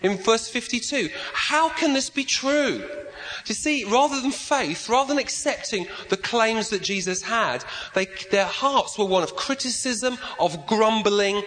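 High-pitched male preacher, sermon delivery, halting repeats, long hall reverb. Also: fairly bright tone. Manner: halting, repeats words when searching.

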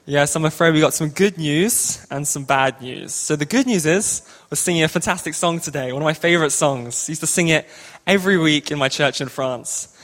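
A man's voice: on the high side, a little fast, few pauses, a bit bright. A man telling a comic story and leading a group in a playful, upbeat, ad-libbing way.

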